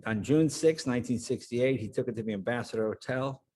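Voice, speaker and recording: An older man spins long stories as an interview guest, voicing the people he quotes with lively shifts. His voice sits in a middle register. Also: mid-range voice, fairly quick. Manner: animated anecdote teller, acts out quoted voices. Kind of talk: storytelling interview.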